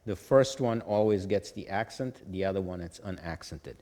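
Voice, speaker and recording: Low-voiced male music teacher in a reverberant room. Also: normal speed, warm tone. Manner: explains step by step, often checks "okay?"; chants rhythms on "ta". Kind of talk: whiteboard lesson.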